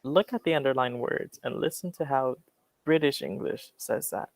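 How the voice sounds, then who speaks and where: A man's voice: mid-range voice, moderate pace, vocal fry, dry recording, rough recording. American man teaching an English class. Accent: General American. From Western United States. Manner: relaxed and explanatory, with many fillers. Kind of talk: classroom lecture.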